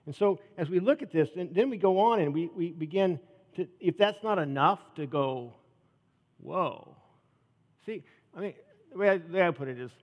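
A pastor delivering a conversational sermon, swinging between lively emphasis and soft, low intensity. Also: male voice. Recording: long hall reverb.

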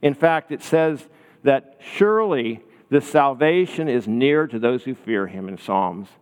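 A man's voice: medium pitch, expressive, measured pace, clear, resonant tone. Male pastor preaching, casual storyteller, asks the room questions, long hall reverb. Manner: conversational, storytelling, checks in with listeners. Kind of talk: sermon.

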